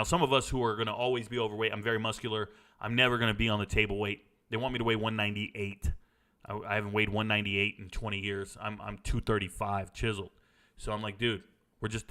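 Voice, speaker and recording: A middle-aged man casually telling a blunt, animated story as host, cursing now and then. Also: mid-range voice.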